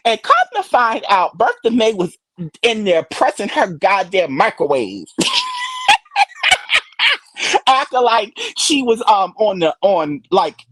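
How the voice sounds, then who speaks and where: A woman streamer giving gossip commentary, ranting and cursing heavily and laughing loudly at her own stories. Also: medium pitch, sing-song, unhurried, no room sound. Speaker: live streamer.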